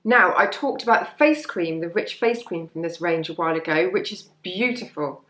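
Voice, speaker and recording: A woman's voice: on the low side, lively intonation, normal speed, a bit bright, reverberant. A woman casually chatting through her favourite beauty products, rambling and self-deprecating as she goes. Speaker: beauty vlogger.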